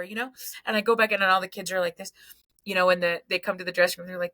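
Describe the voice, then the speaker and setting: A middle-aged woman psychologist from Canada, talking energetically on a podcast and breaking into loud acted outbursts. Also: lowish voice, very fast, no room sound, rough recording. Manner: animated storyteller, swings into loud acted outbursts. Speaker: psychologist guest.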